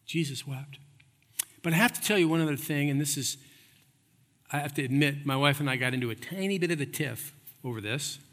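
A man preaching a sermon, emphatic, repeating phrases and swinging between loud and hushed. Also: a little high, fairly quick, big-room sound. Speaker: pastor.

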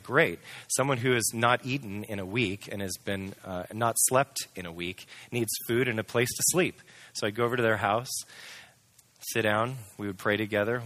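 A man's voice: on the low side, fairly bright tone. A man candidly telling his personal testimony in an earnest, storytelling way. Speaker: testimony speaker.

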